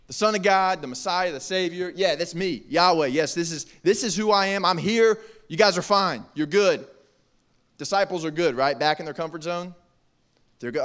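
A young man preaching a casual youth sermon in an animated, jokey, conversational way. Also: high-pitched, moderate pace. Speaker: youth pastor.

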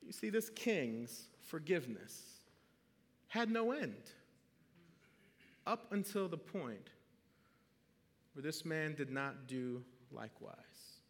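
A male pastor delivers a sermon at an unhurried pace, telling a story and putting questions to his congregation. His voice sits slightly high and rings through a large hall with a long reverb. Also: sing-song.

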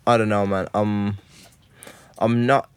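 A man with a Wolverhampton accent on a podcast, giving opinions in an animated way and steering the talk back on track. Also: lowish voice, takes it slowly, smooth, dry recording. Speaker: podcast host. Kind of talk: casual chat.

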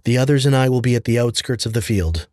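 A man's voice: mid-range voice, lively intonation, quick pace, a little mellow, dry recording, studio quality, natural voice. A man doing a sneering, scarred woman soldier. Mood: tense. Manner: sneering, clipped, suspicious.

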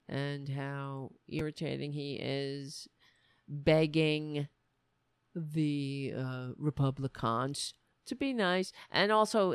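A woman's voice: deep voice, gravelly, smooth, dry recording, studio quality. A woman hosting her own show, talking in a casual, sarcastic, profane rant. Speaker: show host. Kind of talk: casual ranting monologue.

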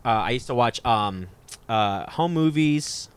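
A man's voice: mid-range voice, lively intonation, measured pace, clear, resonant tone. Man, casual co-host, loose rambling delivery with frequent swearing and false starts. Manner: rambling, profane, many fillers and restarts. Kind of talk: casual chat.

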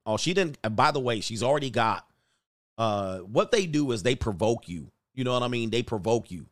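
A man's voice: medium pitch, animated, moderate pace, a bit bright. A man coaching on dating in casual livestream commentary, crude and joking, laughing often as he talks.

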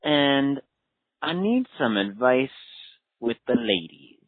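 A man's voice: medium pitch, big pitch swings, takes it slowly, slightly rough, no room sound. A man calling in to ask for advice, hesitant and earnest. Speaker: caller. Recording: phone-line sound.

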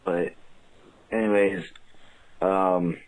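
A man's voice: low-pitched, steady tone, very slow. A man with a Carolina accent leaving a rambling, profane voicemail over a phone line. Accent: Carolina Southern US. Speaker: caller.

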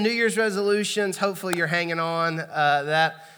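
A man's voice: a little high, normal speed, bright, forceful tone, clean tone. A man preaching a sermon in a church auditorium, talking to the congregation in a conversational way and asking them for responses. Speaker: pastor. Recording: long hall reverb.

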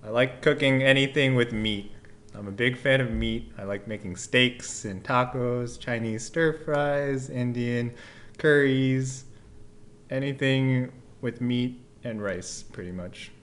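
A man chatting as a podcast guest, throwing in dry, playful jokes. His voice sits at a plain middle pitch. He talks about his hobbies in a relaxed, easy way. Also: takes it slowly. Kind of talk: casual podcast chat.

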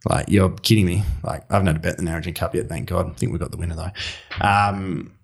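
Aussie racing tipster guy, rapid casual chat, deep-ish voice, swears a bit. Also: fairly even intonation, vocal fry. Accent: Australian. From Western Australia. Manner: blokey, swears freely, tells stories with put-on voices. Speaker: racing podcast co-host and tipster.

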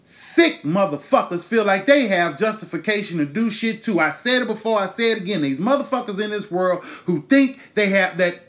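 Expressive and a bit bright, his voice sits high and moves at normal speed with few pauses. The man, in his thirties, hosts his own podcast and launches into an impassioned monologue of angry, profane emphasis and sharp rhetorical questions.

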